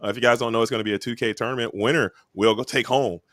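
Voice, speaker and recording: A man's voice: mid-range voice, fairly even intonation, racing, background noise. A man casting a card game stream, talking with enthusiastic hype. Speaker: stream caster. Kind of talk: casual commentary.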